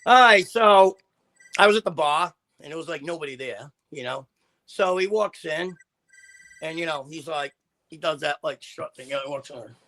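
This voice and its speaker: Animated rambling man with high voice. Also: normal speed. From American of Italian family. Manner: rambling, animated, heavy "you know" filler. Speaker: guest. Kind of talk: casual podcast chat.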